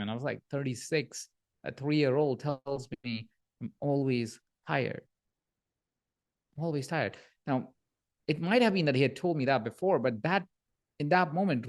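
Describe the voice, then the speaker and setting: Male podcast guest, coach, mid-pitched, lively storyteller, leans on tag questions. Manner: animated storyteller, frequent "right?" tag questions. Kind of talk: podcast interview conversation.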